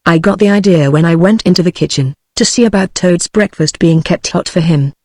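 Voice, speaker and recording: A woman's voice: fairly low pitch, brisk, no echo, studio quality, close to an everyday voice. A British text-to-speech woman's voice reading the lines of a cheerful, confident male mole in a storybook. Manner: flat synthetic delivery.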